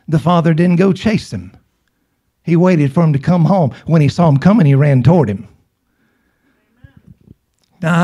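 A man's voice: on the high side, mellow. A middle-aged man preaching a sermon emphatically, repeating himself and putting questions to the congregation.

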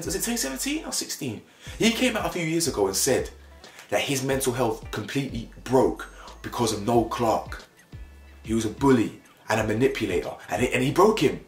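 A YouTube commentator delivers an opinion vlog in an echoey room with a faint music bed. He's animated and emphatic, repeating phrases for emphasis and jumping up in pitch when worked up.

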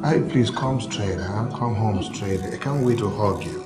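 A middle-aged man with a Nigerian accent playing a fond, playful father and husband. He teases warmly and moves between English and Yoruba. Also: fairly low pitch, measured pace, over music, natural voice. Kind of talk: film dialogue. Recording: echoey room.

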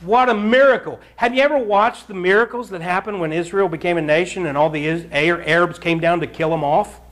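A man preaching a verse-by-verse Bible sermon, urging his listeners to read along and telling animated stories with frequent chuckles. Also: high-pitched, fairly quick. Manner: animated storyteller, acts out scenes and chuckles often; addresses the congregation directly, urging them to read along. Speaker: pastor.

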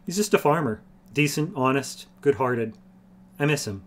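A man reading aloud and voicing an earnest young man raised on a farm, talking in a flat, matter-of-fact way, a little higher than his own voice. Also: normal speed, lightly acted. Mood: plain-spoken.

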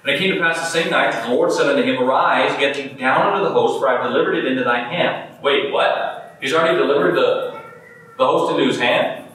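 Guy preaching a sermon, reads bible verses out loud, lots of questions to the crowd, big echoey church sound from far off. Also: mid-range voice, a little fast. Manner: preaching with rhetorical questions, reading scripture aloud. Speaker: pastor. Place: church sanctuary. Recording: echoey church hall, mic from a distance.

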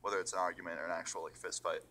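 Young man, low-ish bright voice, chatty storytime vlog, swears, acts out quotes. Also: little pitch movement, very fast, slight background noise. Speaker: storytime YouTuber.

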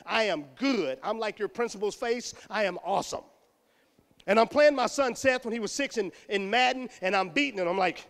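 A middle-aged man from Texas giving an animated motivational talk to students, acting out voices and shouting punchlines. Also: very high voice. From Houston, Texas. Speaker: motivational speaker. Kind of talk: energetic motivational speech to students. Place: school auditorium. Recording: echoey hall.

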